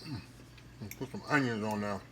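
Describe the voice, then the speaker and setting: Bright-voiced man tasting his cooking. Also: mid-range voice, normal speed, slight background noise. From Southern US countryside. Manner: chatty, addresses viewers as y'all, hums while chewing. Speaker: cooking channel host. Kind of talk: casual cooking vlog, tasting food. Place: home kitchen. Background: faint clatter of dishes and cutlery.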